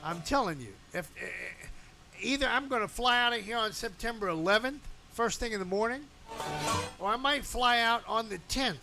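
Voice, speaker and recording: A man hosting a radio morning show, riffing and ranting in animated bursts, with music playing behind him. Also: very high voice, moderate pace, creaky. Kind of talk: loose on-air banter and ranting.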